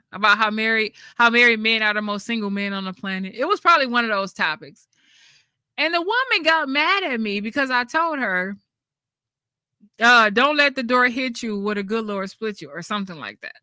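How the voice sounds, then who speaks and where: Blunt woman host, bright and sharp. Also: on the high side, clean tone, no room sound. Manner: blunt, laughing often, with slang. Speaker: channel host. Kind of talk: casual livestream chat.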